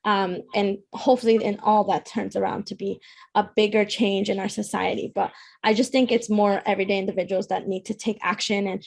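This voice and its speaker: A woman's voice: mid-range voice, little pitch movement, brisk, vocal fry, a little mellow. A woman who founded a shop, speaking as an interview guest and earnestly making her case. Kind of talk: casual interview chat.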